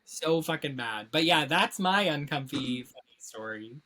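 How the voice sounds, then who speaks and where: A woman co-hosting a podcast, telling a story in casual chat, animated and heavy on swearing and filler words. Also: sits low, unhurried. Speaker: podcast co-host.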